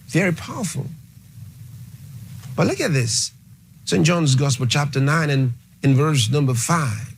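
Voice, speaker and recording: A man's voice: fairly high pitch, very animated, a little slow, gravelly, long pauses, a little hiss or hum. A male pastor preaching a sermon, emphatic, repeating key phrases and dwelling on exclamations.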